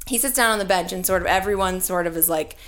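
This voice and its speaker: A woman from Texas, co-hosting a podcast, tells a comic story in a chatty, animated way and swears freely. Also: fairly low pitch, fast talker. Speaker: podcast co-host.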